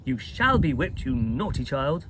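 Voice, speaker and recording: A man's voice: medium pitch, big pitch swings, a little slow, background noise. A man voicing a stern, cross headmistress who speaks sharply and severely.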